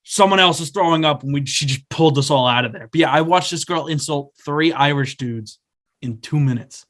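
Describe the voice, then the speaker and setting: A man's voice: mid-range voice, normal speed, fairly bright tone. A man in his twenties co-hosting a podcast, telling a rambling anecdote in casual chat and acting out what people said. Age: 20s. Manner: rambling anecdote with acted-out quotes. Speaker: podcast co-host.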